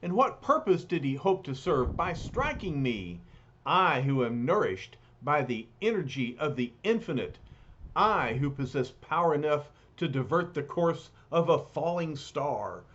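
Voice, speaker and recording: A man's voice: fairly high pitch, sing-song, measured pace, fairly bright tone, a little hiss or hum. A man voicing a noble, weary male alien hero of a comic story, speaking in solemn, formal phrases. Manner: lofty, formal, solemn speech. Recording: dull lo-fi recording.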